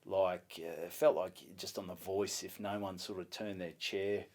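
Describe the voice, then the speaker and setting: A man's voice: sits low, level tone, moderate pace, a little mellow. A man with an Australian accent, a stand-up comedian, telling a story in casual chat, swearing freely and acting out both sides of each exchange.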